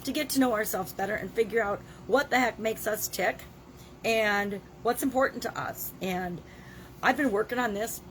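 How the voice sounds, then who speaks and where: A woman's voice: a little high, moderate pace, slight background noise, poor audio. Chatty older woman with a cold. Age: 60s. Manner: chatty and emphatic, with occasional coughs. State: has a cold, scratchy throat. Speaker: vlogger. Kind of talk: casual daily video diary.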